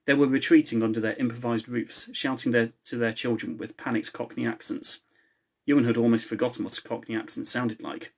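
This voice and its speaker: A man's voice: medium pitch, steady tone, fairly quick. A man who is the author, reading his novel aloud in a live stream from home and chatting casually with viewers in between. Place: home, with a laptop.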